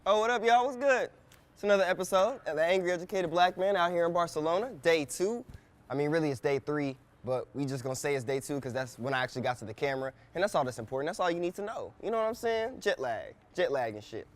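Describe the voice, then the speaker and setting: An American man in his thirties hosting a casual travel vlog, telling stories in an animated, profane way. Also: a little high, quick pace. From United States. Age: 30s. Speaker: vlog host.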